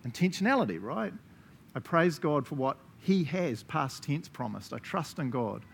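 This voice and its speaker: A man with a New Zealand accent preaching a sermon as pastor, animated, laughing often and checking in with listeners with frequent "right?". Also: on the high side, normal speed, creaky, slight background noise.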